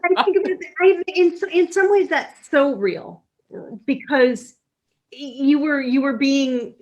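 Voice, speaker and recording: Podcast host lady from upstate new york, kinda high voice, laughs a lot. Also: animated, unhurried, lo-fi sound. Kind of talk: interview with read-out passages.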